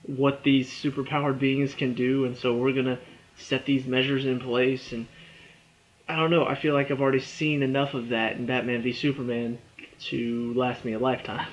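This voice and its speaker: A young man with a medium-pitched voice casually reviews a movie trailer, rambling and chatty, full of fillers and restarts, and he sounds a little tired. There's slight background noise, and the recording is dull and lo-fi.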